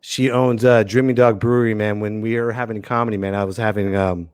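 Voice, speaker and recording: A man's voice: lowish voice, flat delivery, fairly quick, a little mellow, clean tone. A man hosting a podcast in casual chat, playful and joking with frequent laughter. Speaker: podcast host.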